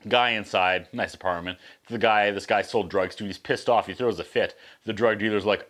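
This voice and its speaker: A man's voice: lowish voice, a little fast, a bit bright. A man hosting a casual video review, recapping a movie's plot with sarcastic, wry asides. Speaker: host.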